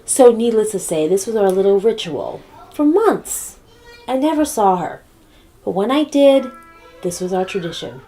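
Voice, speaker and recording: A woman's voice: mid-range voice, big pitch swings, moderate pace, mellow, soft background music. A woman telling a comedic story to camera in a sassy, blunt, profane way.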